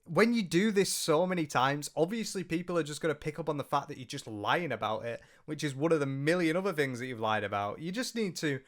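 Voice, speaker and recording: Exasperated British man, fairly high voice. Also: animated, brisk, few pauses. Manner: exasperated, sarcastic, swears freely. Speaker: commentary channel host. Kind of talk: ranting commentary.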